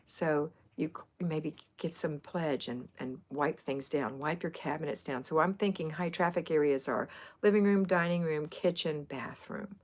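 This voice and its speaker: A woman's voice: sits low, normal speed. A middle-aged woman from Florida hosting a homemaking livestream, chatting casually and rambling as she answers viewers' comments. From Florida, USA.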